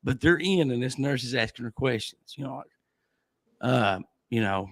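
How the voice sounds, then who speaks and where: A man's voice: medium pitch, animated, normal speed, no echo. Rambling, laughing man host. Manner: rambling storyteller, laughs often. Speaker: podcast host. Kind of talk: casual livestream chat.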